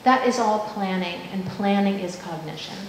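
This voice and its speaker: A woman's voice: medium pitch, moderate pace. Woman speaker in a very echoey room. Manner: lively, asks many questions, acts out quoted voices. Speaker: parent education speaker. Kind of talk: workshop talk to parents. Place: school room. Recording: very echoey room with faint noise.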